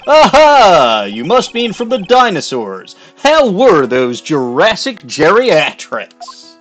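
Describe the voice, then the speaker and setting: A man's voice: high-pitched, wildly swooping pitch, soft background music, voice pushed up, full character voice. A man doing a flamboyant camp showman. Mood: gushing. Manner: gushing, theatrical, drawn-out words. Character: flamboyant young male showman, hyper and camp.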